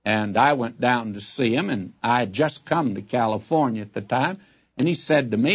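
Older male pastor, husky mid-range voice, folksy preacher on a muffled vintage radio broadcast. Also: mid-range voice, moderate pace. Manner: folksy, direct address to listeners. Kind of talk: radio Bible teaching sermon. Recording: dull lo-fi old radio recording.

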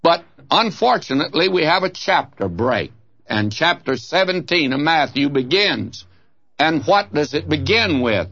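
A man's voice: fairly high pitch, animated, a little slow, a bit bright, no room sound. A man teaching the Bible in a folksy, earnest preaching manner, speaking to his listeners as "my friend". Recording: dull, lo-fi dry radio recording.

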